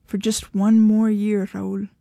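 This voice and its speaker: A woman's voice: medium pitch, takes it slowly, gravelly, no room sound. A woman reading the part of a tough, blunt wife who speaks firmly and with exasperation. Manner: firm, exasperated, flat.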